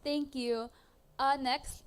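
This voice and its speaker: High-voiced Filipino woman moderating. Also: steady tone. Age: young adult. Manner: brisk, polite, calling names in turn. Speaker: forum moderator. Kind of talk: reading questions at a candidates' forum.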